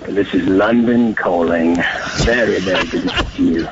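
A man's voice: low voice, moderate pace, noisy background, voice pushed down. A man voicing a polite, formal male British radio host in a prank call, heard over a phone line. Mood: courteous. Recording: muffled phone line recording.

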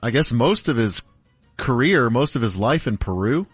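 A man's voice: medium pitch, expressive, normal speed, breathy edge, no room sound, soft background music. A man co-hosting a radio talk show, chatty and self-deprecating as he relays the news. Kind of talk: casual banter.

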